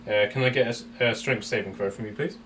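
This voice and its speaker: A man narrating as dungeon master, halting with fillers and laughing often. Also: medium pitch, a bit bright. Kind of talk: narrating a tabletop game. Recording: distant mic with faint background noise.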